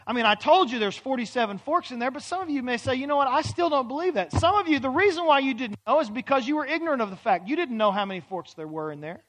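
A man preaching a sermon in a church, acting out pleading prayers and swinging from loud, urgent questions to hushed near-whispers. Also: very high voice, animated, quick pace, hardly any pauses. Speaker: pastor. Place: church hall.

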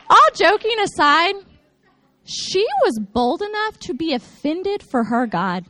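A woman in her thirties addresses a congregation from the stage of a church sanctuary, her voice high and bright with a lively, bouncing pitch. She tells jokey stories and can slide into earnest sincerity. Faint music sits underneath. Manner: lively joking storyteller, turns earnest. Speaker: church children's ministry speaker. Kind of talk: humorous recap talk to a congregation.

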